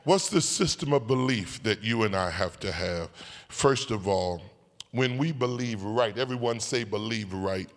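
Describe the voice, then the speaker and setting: A man preaching a sermon as a bishop, swinging from soft asides to shouted, sing-song whooping lines and calling out to the congregation. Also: fairly low pitch, a little slow. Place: church sanctuary. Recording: long church hall reverb.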